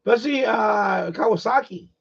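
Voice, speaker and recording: A middle-aged man hosting a live stream, ranting in a blunt, profane, animated way in casual chat. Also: high-pitched, normal speed, gravelly, breathy edge, muffled recording.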